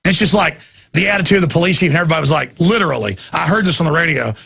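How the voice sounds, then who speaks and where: A middle-aged talk radio host, ranting hard and now and then breaking into a shout. His voice sits high for a man, with a bright, tense edge. It runs husky, with gravel and fry underneath. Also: animated, very fast. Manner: ranting, emphatic, sometimes shouting. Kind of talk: impassioned talk radio monologue.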